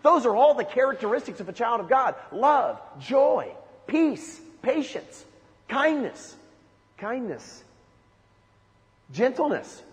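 A man's voice: very high voice, sing-song, a little slow. A man preaching a sermon, emphatic, with rhetorical questions and lists. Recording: long hall reverb.

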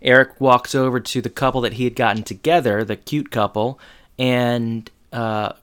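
Man, mid pitch, casual recap chat, lots of ums and likes, loose delivery. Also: steady tone, normal speed, fairly bright tone, clean tone. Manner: loose, filler-heavy retelling with frequent "like" and "um". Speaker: podcast co-host recapping a TV episode.

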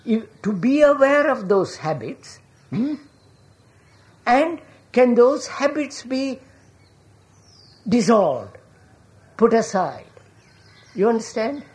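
A woman's voice: a little high, big pitch swings, slow, pauses often, darkish tone. A woman giving a reflective public talk, asking questions and often checking whether listeners follow, calling them sir. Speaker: public speaker.

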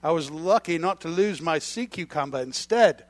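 A man putting on an Australian accent to voice a reckless Australian fisherman in a loud, playful way. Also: fairly high pitch, lively intonation, moderate pace, close to an everyday voice. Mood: boastful. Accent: Australian (put-on attempt).

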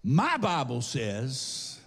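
Husky preacher in a reverberant hall. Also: male voice, mid-range voice, huge pitch swings, very slow. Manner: call-and-response preaching, rising to sung shouts. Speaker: pastor. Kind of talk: sermon.

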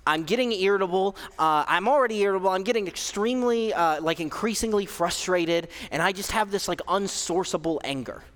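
A man's voice: high voice, brisk, hardly any pauses, fairly bright tone, big-room sound. A young man giving a conversational sermon, candid and self-deprecating, with frequent fillers and restarts. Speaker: preacher. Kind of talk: casual sermon.

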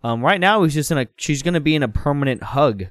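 A man's voice: on the high side, expressive, fast, fairly bright tone, clear, resonant tone, no echo, clean studio sound. A man hosting a comedy podcast, reading fan fiction aloud and cracking chatty jokes about it. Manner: chatty, joking asides. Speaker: podcast host, reader. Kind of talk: casual comedic reading and banter.

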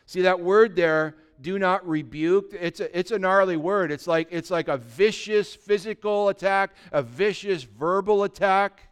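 A man preaching a conversational sermon as pastor, dropping to a soft, quiet voice when acting out gentle words. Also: sits high, measured pace, few pauses, clean tone. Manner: conversational preaching, drops to a soft voice for imagined dialogue.

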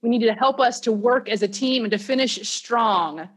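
A woman hosting the conversation speaks in a husky, fairly high voice. She earnestly asks her guest to rally the team. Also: moderate pace. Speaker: host.

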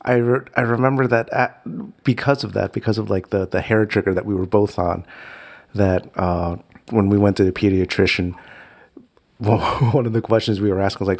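A man's voice: on the low side, fairly even intonation, moderate pace. A man chatting casually as a father, rambling with many restarts and little laughs. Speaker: father of a young child. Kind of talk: casual chat.

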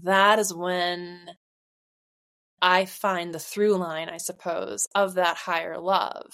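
A woman's voice: lowish voice, flat delivery, slow pace, a bit bright. Rambling, reflective woman podcast co-host. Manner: rambling, reflective, many fillers. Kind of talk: casual conversation.

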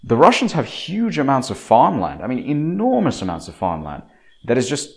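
A man's voice: medium pitch, wildly swooping pitch, moderate pace, creaky. A man giving opinionated monologue commentary, emphatic, with frequent restarts and fillers. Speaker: political commentator.

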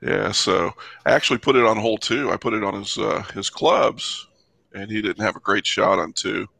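A man's voice: lowish voice, normal speed, vocal fry, sharp tone, dry recording. A man co-hosting a casual podcast, griping in mock annoyance and swearing as he banters. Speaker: podcast co-host. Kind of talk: casual chat.

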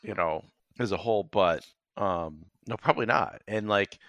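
A man's voice: fairly low pitch, normal speed, a bit bright, no echo, highs cut off. A man co-hosting a casual sports podcast, laid-back and hesitant, giving short replies. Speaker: podcast co-host.

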